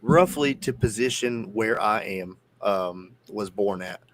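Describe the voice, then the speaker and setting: A man's voice: fairly low pitch, slow pace, a little hiss or hum. A man from near the Georgia-Tennessee border with a Southern accent, co-hosting a casual podcast chat with rambling, profane, jokey storytelling. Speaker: podcast co-host.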